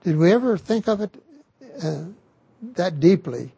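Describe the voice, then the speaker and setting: An older man giving a sermon on scripture, slow and halting with frequent restarts. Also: sits high, lively intonation, vocal fry, mellow, slightly rough, no echo, dull audio. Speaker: scripture teacher.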